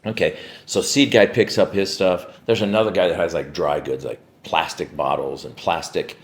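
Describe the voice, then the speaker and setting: A man's voice: deep voice, fairly even intonation, normal speed. A man who owns a warehouse business, telling a story to camera in a casual way, full of "like" and "right?" and free swearing.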